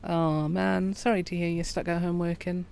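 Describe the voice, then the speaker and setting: Calm woman streaming a game, soft and easygoing, a touch of vocal fry. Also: lowish voice, normal speed. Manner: quiet, relaxed, chats with viewers. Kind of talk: calm gameplay commentary.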